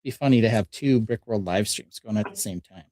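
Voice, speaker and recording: A man's voice: fairly low pitch, brisk, dark tone, dry recording. A man hosting a casual live stream, explaining each step as he builds. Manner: easygoing, explains steps as he builds. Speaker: host.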